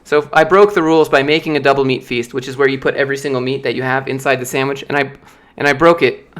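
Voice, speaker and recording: A man's voice: mid-range voice, steady tone, quick pace, fairly bright tone. A man chatting casually on a live stream, telling loose, filler-heavy anecdotes. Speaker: streamer answering viewer questions.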